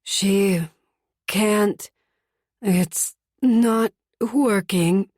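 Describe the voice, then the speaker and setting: A woman's voice: medium pitch, extremely slow, darkish tone, no echo, studio quality. A woman doing a wheezing ghost. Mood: strained. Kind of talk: audiobook character voice.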